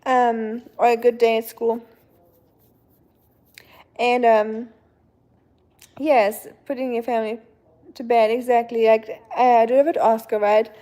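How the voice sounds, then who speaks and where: A woman with a German accent chats casually with her stream viewers, rambling on with plenty of fillers. Her voice sits a little high but sounds soft and mellow. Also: flat delivery, slow, long pauses. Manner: chatty and rambling, with lots of fillers. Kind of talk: casual chat with viewers while gaming.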